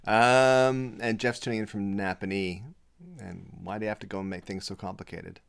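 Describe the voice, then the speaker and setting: A man's voice: fairly low pitch, flat delivery, normal speed, gravelly, smooth. Jokey man hosting a live chat. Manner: jokey, playful, reads viewer comments aloud. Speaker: show host. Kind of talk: casual live-stream chat.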